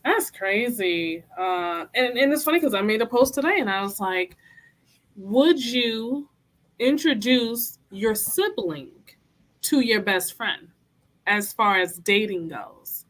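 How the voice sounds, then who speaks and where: A woman hosting an interview show, chatting casually and reacting quickly to her guests. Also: medium pitch, lively intonation, a bit bright, poor audio. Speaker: host. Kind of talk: conversational podcast interview.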